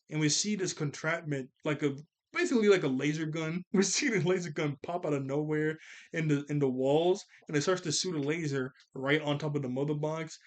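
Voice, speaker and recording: A man casually recapping a cartoon episode as a reviewer, chatty, laughing often and quoting characters. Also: on the high side.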